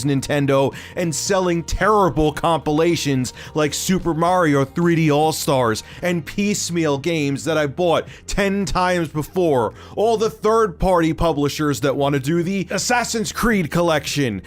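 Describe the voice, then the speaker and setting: A man's voice: a little high, unhurried, few pauses, faint music behind. A man hosting tech commentary, ranting in a sarcastic, mocking way. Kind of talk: opinionated commentary.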